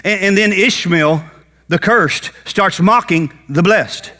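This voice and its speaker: A man preaching a sermon as pastor, acting out Bible characters in lively folksy talk. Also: high-pitched, slow. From United States.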